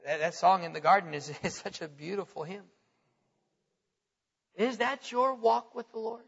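A man preaching a sermon who reads scripture aloud and asks his listeners direct questions, swinging between soft questioning and loud, earnest declaring. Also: high voice, moderate pace, creaky, husky. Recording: echoey hall, dull lo-fi sound.

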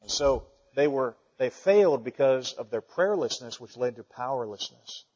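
A man preaching a sermon as pastor, folksy and animated, asking his listeners rhetorical questions. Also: mid-range voice, normal speed, breathy edge, long reverb tail, lo-fi sound.

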